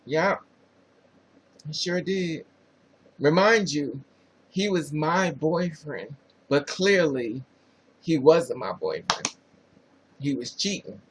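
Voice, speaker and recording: A man's voice: a little high, expressive, slow pace, long pauses, slight background noise, poor audio. A man with a New Jersey accent hosting a casual livestream, chatting sassily and greeting viewers by name. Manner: sassy, chatty, reads viewer names aloud. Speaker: livestream host.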